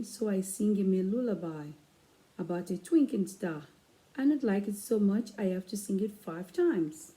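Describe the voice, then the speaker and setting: Slow, dark-voiced woman reading aloud. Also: mid-range voice, rough recording. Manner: slow, expressive storytelling with playful asides. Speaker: children's book reader. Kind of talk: reading a picture book aloud.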